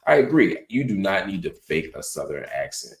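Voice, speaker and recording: A man with a very low, deep voice hosts a casual talk-show monologue. He sounds middle-aged and relaxed, and he reads viewer comments aloud in an easy, conversational way. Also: moderate pace. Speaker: show host.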